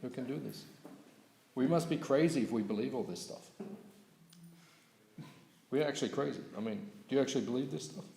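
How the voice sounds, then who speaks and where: A man giving a morning scripture class at a temple, telling stories lively and checking in with his listeners. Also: mid-range voice, a little fast, creaky, long pauses. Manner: lively storyteller, asks audience questions, laughs. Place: temple hall. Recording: echoey hall recording.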